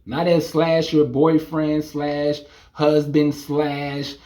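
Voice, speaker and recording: A young man ranting to camera in a casual, incredulous, animated monologue. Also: on the high side, very slow. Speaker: vlogger.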